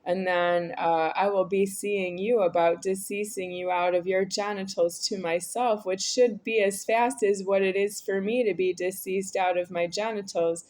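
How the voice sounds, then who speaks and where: A woman talking alone to the camera in a rambling, repetitive monologue, swinging between a quiet voice and a raised one. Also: medium pitch, fairly even intonation, normal speed, few pauses. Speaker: video creator.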